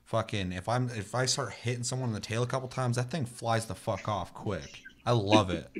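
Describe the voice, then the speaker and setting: Casting note: man in casual gaming chat, low-pitched and loose, swears freely, drifts into tangents and plays out little scenes in goofy voices. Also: brisk. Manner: rambling, profane, acts out funny voices in his stories. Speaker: podcast co-host.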